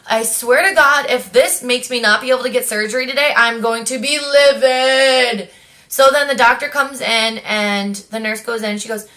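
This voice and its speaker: Here a young woman vlogs a casual personal story, voicing the people involved in a lively, chatty style. Her pitch is fairly high and her speed normal.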